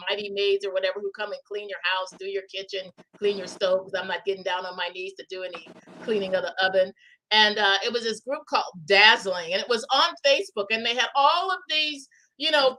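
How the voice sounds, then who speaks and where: A woman's voice: mid-range voice, sharp tone. A middle-aged woman co-hosting a casual chat, telling a story and acting out the voices on a phone call. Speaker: co-host.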